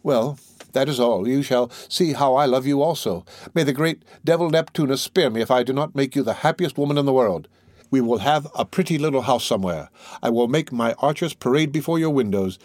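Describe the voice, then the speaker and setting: Dude reading a boastful young captain, smooth-talking, showing off, mid-pitched. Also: male voice, normal speed, a little mellow, no room sound, close to an everyday voice. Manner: swaggering, grand declarations.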